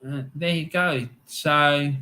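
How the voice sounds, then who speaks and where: A man's voice: a little high, steady tone, takes it slowly, bright, forceful tone. A middle-aged man hosting a live football stream, chatting casually, rambling through anecdotes and laughing often.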